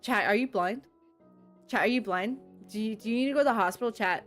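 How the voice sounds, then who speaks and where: A woman's voice: fairly high pitch, a little fast, a bit bright, faint music behind. Chatty young woman, playful stream banter. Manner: rambling, playful, laughs often. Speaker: VTuber streamer. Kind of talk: casual livestream chat, reading and answering chat.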